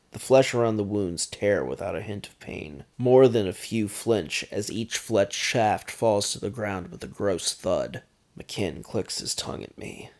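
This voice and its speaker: A man narrating a first-person dark fantasy audiobook in a steady, grim, deliberate manner. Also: deep voice, creaky. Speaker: narrator reading his own fiction.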